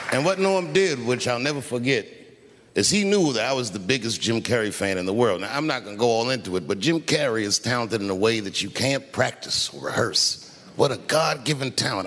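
A man telling a story on stage as a stand-up comedian, swinging between hushed asides and loud bursts. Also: mid-range voice. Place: large venue on stage. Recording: stage audio with long hall reverb and faint crowd.

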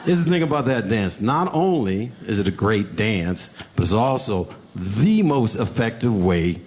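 A man doing stand-up comedy in a club, telling animated stories and acting out characters in shrill voices. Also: unhurried.

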